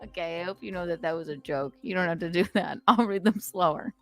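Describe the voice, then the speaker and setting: A woman podcast host in casual chat, reading a long list fast and giggling between words. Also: on the low side, fairly bright tone, no room sound, soft background music. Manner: reads in rapid fire, giggling through words.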